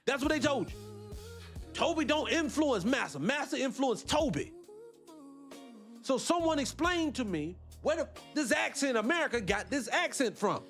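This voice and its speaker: Animated, high-voiced man ranting casually. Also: moderate pace, soft background music. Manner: animated, rambling, blunt and profane. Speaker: host. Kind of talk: casual live-stream monologue.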